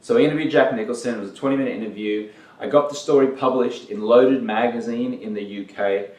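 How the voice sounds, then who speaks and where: A man's voice: mid-range voice, steady tone, quick pace, a little mellow, echoey room, recorded from a distance, rough recording. A man being interviewed as a guest, telling his career anecdotes in an easygoing, casual way and acting out what people said. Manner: anecdotal, easygoing, acts out quotes. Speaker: guest, entertainment journalist.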